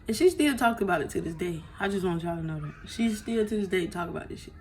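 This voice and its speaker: A woman's voice: fairly low pitch, lively intonation, fast, darkish tone, slight background noise. A woman vlogger telling her story to viewers on a phone, emotional and blunt, swearing freely and often asking "you know what I'm saying".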